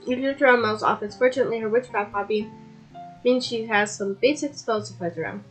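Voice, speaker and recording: Sick-sounding woman streamer, rather high voice. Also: a little fast, soft background music, low-quality recording. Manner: casual, reads narration and characters aloud, chatty asides. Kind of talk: live-streamed game reading.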